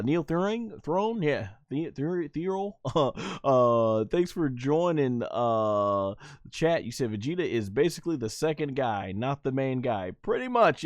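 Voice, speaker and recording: Brief: young male streamer, excited and chuckling, unhurried delivery, crisp voice. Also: medium pitch, no room sound. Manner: excitable, laughs often. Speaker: anime commentary streamer. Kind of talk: live fight breakdown with chat.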